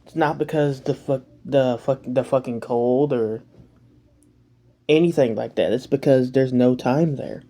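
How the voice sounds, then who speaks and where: Mellow rambling man reacting to a video. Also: medium pitch, measured pace. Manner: rambling, swears, self-mocking jokes. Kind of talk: casual reaction commentary.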